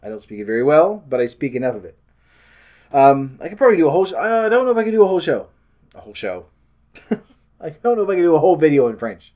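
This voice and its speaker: A man's voice: on the high side, sing-song, fast talker, long pauses, mellow. Rambling man vlogging. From Canada. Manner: rambling, self-deprecating, loses his train of thought. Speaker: weight loss vlogger. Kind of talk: casual rambling vlog.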